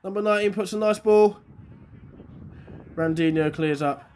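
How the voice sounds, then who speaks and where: A man from England, a bit under the weather, doing excitable live commentary on an amateur football match outdoors. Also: high voice, moderate pace. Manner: excitable, shouting at chances, then quiet and matter-of-fact. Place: outdoors at a grassroots pitch.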